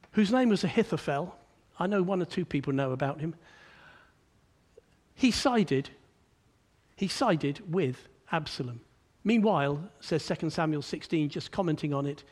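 Animated preacher with a high, lively voice. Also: male voice. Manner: animated, rising to high emphatic peaks then dropping low and quiet; repeats words when starting sentences. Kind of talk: sermon.

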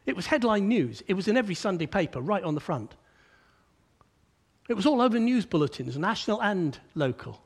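A man preaches an animated sermon, building to emphatic peaks before dropping low and quiet. He often repeats words when starting sentences, talks a little fast, and sounds slightly rough.

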